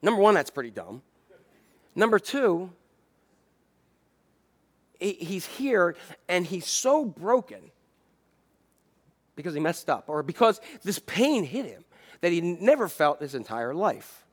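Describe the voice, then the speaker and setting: A man's voice: high voice, big pitch swings, takes it slowly, pauses often. A man preaching a sermon in a conversational, humorous way, asking many rhetorical questions.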